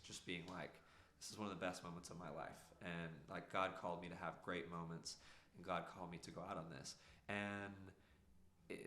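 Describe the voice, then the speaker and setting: A man's voice: sits low, pushed and bright, reverberant, slight background noise. A man, a podcast guest telling his story earnestly, rambling with many fillers. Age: 30s. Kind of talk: casual storytelling.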